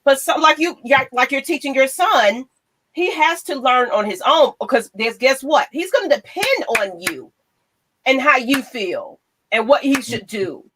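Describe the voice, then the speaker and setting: A woman's voice: high voice, lively intonation, measured pace, a bit bright, slightly rough. A woman in a casual podcast chat, giving firm, emphatic advice. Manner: emphatic, agreeing, gives advice. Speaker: guest co-host.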